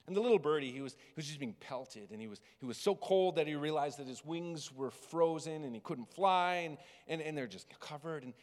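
A man preaching a sermon as pastor, telling a story with big swings between loud and hushed. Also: fairly high pitch, animated, brisk, hardly any pauses. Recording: long reverb of a large hall.

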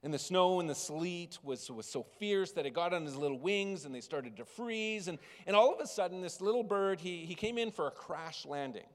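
A man preaching a sermon as pastor, telling a story with big swings between loud and hushed. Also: high-pitched, animated, moderate pace, hardly any pauses. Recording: long reverb of a large hall.

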